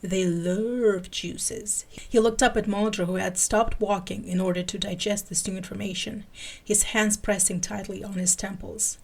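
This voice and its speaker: A woman's voice: mid-range voice, level tone, normal speed, gravelly, slightly rough. A woman podcast host giving a playful dramatic reading of fan fiction.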